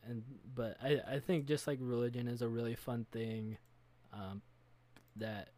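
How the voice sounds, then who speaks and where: Man, mid-pitched voice, earnest, thinking aloud, casual podcast chat. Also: level tone, unhurried, a little mellow. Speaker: game master, podcast co-host.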